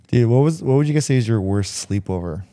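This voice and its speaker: A man's voice: medium pitch, mellow, no room sound. A young man co-hosting a podcast, asking loose questions in casual chat. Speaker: podcast co-host.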